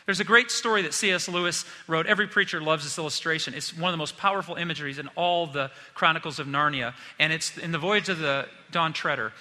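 A man preaching a sermon as pastor, telling stories in a lively, joking way. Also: fairly high pitch, fast talker, hardly any pauses, long reverb tail.

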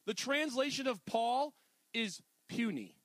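A middle-aged man preaching a sermon in a casual, animated way, full of jokey asides. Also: extremely high pitch, a little slow, no echo. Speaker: pastor.

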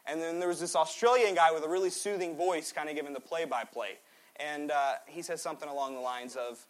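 A man in his twenties preaching a sermon in a church, swinging between loud exhortation and quiet, joking asides. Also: fairly high pitch, quick pace. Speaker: pastor. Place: church sanctuary.

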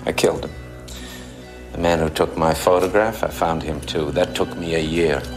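An actor playing a grim, vengeful man who speaks in a low, flat, deliberate way in a film scene. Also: poor audio. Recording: film audio under music.

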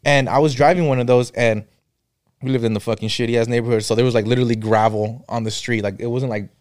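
A man's voice: mid-range voice, fast. Young man rambling through a story. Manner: relaxed, profane, rambling with fillers. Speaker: podcast co-host. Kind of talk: casual chat, storytelling.

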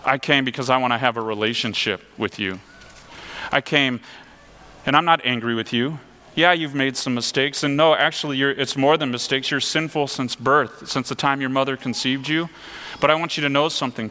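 A man preaching who voices Jesus speaking softly and tenderly to a frightened disciple. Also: fairly high pitch. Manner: soft, tender, consoling.

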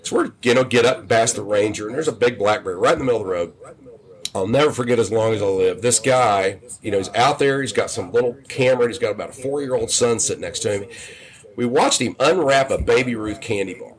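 A man's voice: on the low side, fast talker. A man in his fifties, a podcast guest telling long casual stories with frequent restarts and self-corrections. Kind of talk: casual storytelling.

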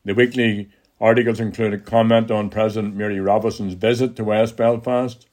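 An older man with an Irish accent, reading his own political column aloud in a measured, deliberate way. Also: lowish voice, darkish tone.

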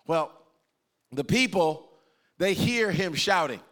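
A man preaching a sermon as pastor, talking in an animated, conversational way with jokes and interaction with his live and online congregation. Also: a little high, normal speed.

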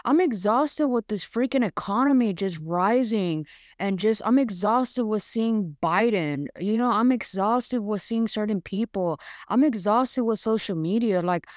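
A woman's voice: medium pitch, lively intonation, a little slow, darkish tone, dry recording, clean studio sound. A woman hosting a podcast, talking frankly and casually through a devotional monologue with plenty of fillers. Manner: frank, chatty, swears casually, many fillers. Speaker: podcast host.

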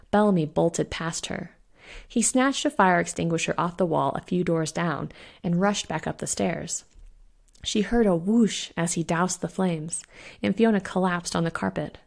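A woman reads her own spooky short story aloud in a steady storyteller's voice. Her voice sits low with a gravelly texture, and the delivery stays even throughout. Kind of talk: scripted narration.

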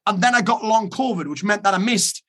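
A man's voice: sits high, expressive, fairly quick, a bit bright. A man giving a blunt, profane motivational talk to an online summit. He repeats key phrases for emphasis. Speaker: motivational speaker.

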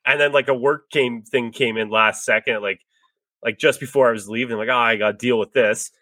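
Male podcast host, bright dry voice, rambling and profane. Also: mid-range voice, fairly even intonation, fairly quick, no echo. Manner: rambling, swears freely, laughs often. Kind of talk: casual chat.

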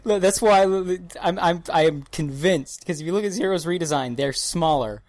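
A woman with a notably low voice holds the floor in a casual podcast chat, excitable and profane as she tells a story. She keeps breaking into little acted-out voices. The sound is dry and close to the mic. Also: normal speed, no room sound. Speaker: podcast co-host.

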